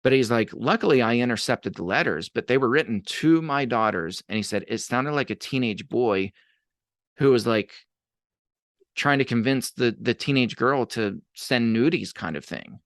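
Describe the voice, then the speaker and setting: A man speaks as a podcast guest, telling a story in a relaxed, conversational way. He slips into the voices of the people he quotes. His mid-range voice is recorded close, with a dry sound. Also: medium pitch, normal speed, dry recording. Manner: animated, acts out quoted voices. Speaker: podcast guest, abuse advocate.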